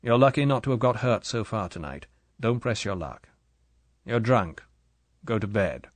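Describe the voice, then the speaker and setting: A man's voice: lowish voice, expressive, normal speed, no echo. A man playing a cool, hard secret agent who speaks tersely and firmly.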